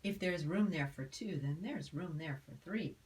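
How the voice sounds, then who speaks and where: A woman's voice: low voice, measured pace, darkish tone, distant mic, rough recording. A woman voicing a pushy, cheeky little male bird in a storybook reading, chirping and sing-song. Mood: chirpy.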